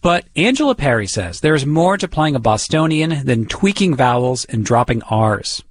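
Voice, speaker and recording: Guy doing a radio feature, chatty and curious, animated husky voice. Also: medium pitch, moderate pace, dry recording, low-quality recording. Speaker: radio reporter. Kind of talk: scripted feature reporting with interview.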